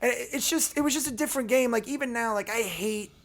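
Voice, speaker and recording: High-voiced man with a Florida accent. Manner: animated, profane, talks in quick bursts. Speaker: guest. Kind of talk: casual podcast chat while watching a football video game.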